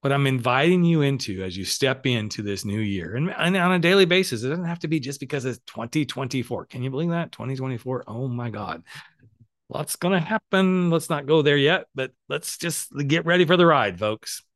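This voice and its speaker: Middle-aged male podcast host and coach, animated and emphatic, mid-pitched, dry close mic. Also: a little fast, no room sound. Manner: animated, emphatic, swears freely. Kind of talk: casual motivational monologue.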